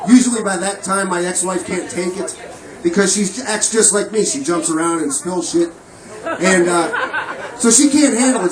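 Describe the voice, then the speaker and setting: A man's voice: high-pitched, normal speed. A man doing a crude, profane, rambling stand-up comedy set on a comedy club stage. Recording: roomy, distant mic, loud crowd laughter.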